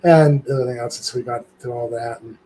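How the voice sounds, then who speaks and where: An older man, a guest on a live stream, chatting casually and telling an animated story, acting out the voices of the people in it. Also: medium pitch, quick pace, slight background noise, poor audio.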